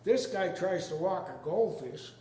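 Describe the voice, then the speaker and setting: An older man telling a comic story on stage in a folksy, deadpan drawl. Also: sits high, unhurried, a little hiss or hum. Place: arts venue stage with a live audience. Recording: echoey hall with long reverb.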